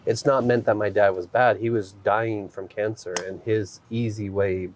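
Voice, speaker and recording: Casting: man with a very low voice, relaxed reflective podcast host. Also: moderate pace, a little hiss or hum. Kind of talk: podcast interview.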